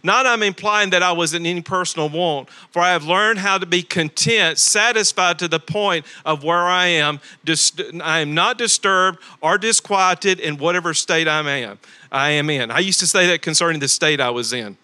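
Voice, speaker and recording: A man's voice: fairly high pitch, normal speed, pushed and bright, smooth. A man preaching a sermon as pastor, emphatic and repetitive, asking his congregation rhetorical questions in a church. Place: church sanctuary.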